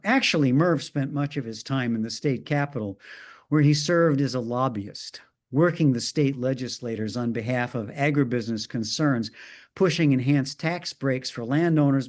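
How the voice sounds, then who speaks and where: A middle-aged man preaching in a storytelling way, his voice sitting a little high for a man. He delivers the tale with a dry, ironic wit and lets his asides land quietly. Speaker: minister. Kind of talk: storytelling sermon.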